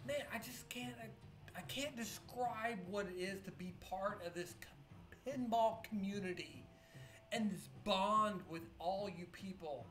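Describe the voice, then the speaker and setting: A woman's voice: medium pitch, fairly bright tone. Drunk, tearful woman streamer. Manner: halting, rambling and profane, with many restarts. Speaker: pinball streamer. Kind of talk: emotional live-stream monologue. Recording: echoey room with faint music. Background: faint music.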